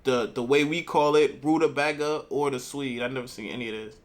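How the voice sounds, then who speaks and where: A man's voice: medium pitch, steady tone, a little fast, a crowd in the background. A man with a New York accent hosting a reaction video, talking loosely in street slang and speaking straight to his viewers. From Harlem, New York. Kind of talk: casual reaction commentary.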